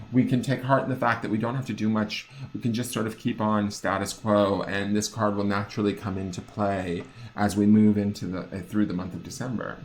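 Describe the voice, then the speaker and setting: A man's voice: fairly low pitch, slight background noise. Chatty man giving a tarot reading. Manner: chatty and searching, full of fillers and checks for understanding; lilting, upspeak-prone delivery. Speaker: tarot reader. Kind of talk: casual spoken tarot reading.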